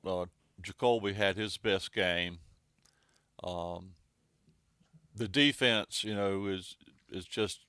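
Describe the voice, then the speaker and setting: A man with a very low voice breaks down a college football game in a measured, rambling way, pausing often on uhs. His voice sounds dry and close to the mic. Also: fairly bright tone, clear, resonant tone, no echo. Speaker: sports analyst and columnist. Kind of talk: sports talk show.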